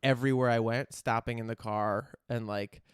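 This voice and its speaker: A man's voice: medium pitch, steady tone, normal speed, clean tone, dry recording, studio quality. A man hosting a podcast, chatting in a rambling, candid way and swearing casually. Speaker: podcast host. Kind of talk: casual chat.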